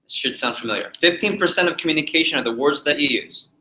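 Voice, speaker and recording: Animated man leading a sales workshop. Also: on the high side, fast, roomy sound, slight background noise, low-quality recording. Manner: animated, jokey, repeats key points. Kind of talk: live training talk to a group.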